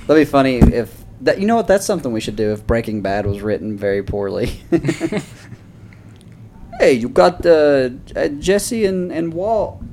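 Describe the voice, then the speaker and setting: Crude joking man with lively pitch. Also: moderate pace, slight background noise. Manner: crude, joking, laughs often. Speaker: podcast co-host. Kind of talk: casual chat.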